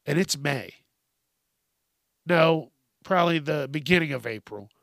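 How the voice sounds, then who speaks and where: A man's voice: fairly high pitch, expressive, a little slow, creaky, a bit bright, dry recording, clean studio sound. A man hosting a podcast, ranting with heated, sweary sarcasm. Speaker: podcast host. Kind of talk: profane comedic rant.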